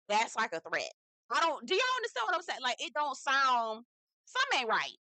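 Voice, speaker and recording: A woman's voice: a little high, very animated, fairly quick, bright, forceful tone, dry recording. A woman hosting a casual reality TV recap, sassy and slangy, talking straight to her viewers. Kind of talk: casual review commentary.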